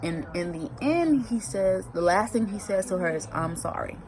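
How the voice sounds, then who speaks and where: Recapping a season of TV in her vlog, a woman talks casually and expressively, rambling with plenty of emotion and frequent repetition. Her pitch is medium and her pace normal, and the recording is rough.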